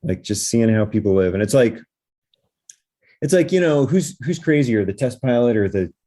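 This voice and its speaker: A man's voice: medium pitch, animated, normal speed, dark tone. A man, a podcast guest, telling stories in a laid-back, rambling way full of fillers. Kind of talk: animated anecdotal storytelling.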